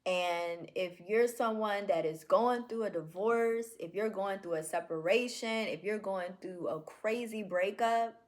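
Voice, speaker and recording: A woman recording a heartfelt video journal, speaking in slow, affirming, repeated phrases. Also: medium pitch. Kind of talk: reflective self-talk video journal.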